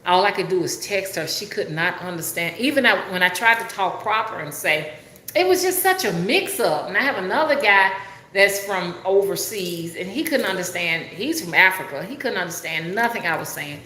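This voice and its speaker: A woman's voice: lowish voice, animated, normal speed, pushed and bright, echoey room, slight background noise. A woman with a Southern Alabama drawl, talking casually and rambling to a livestream audience, often asking if they understand. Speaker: spiritual rootworker livestreamer.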